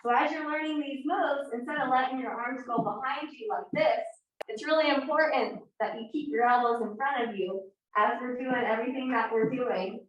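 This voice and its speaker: A woman teaching a live dance class, explaining steps in an upbeat, clear way. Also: high voice, moderate pace, lo-fi sound. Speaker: dance instructor. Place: dance studio. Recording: roomy, distant sound.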